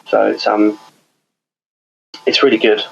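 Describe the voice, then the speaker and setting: A man's voice: fairly low pitch, flat delivery, slow pace, creaky, highs cut off, faint music behind. Young man chatting, laughing. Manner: rambling, laughing, full of fillers and "like". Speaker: podcast co-host. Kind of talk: casual chat.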